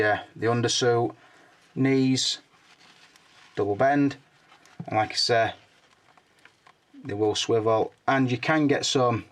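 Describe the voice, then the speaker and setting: A man's voice: medium pitch, a bit bright. An older man, chatting frankly through a hands-on toy review and swearing casually.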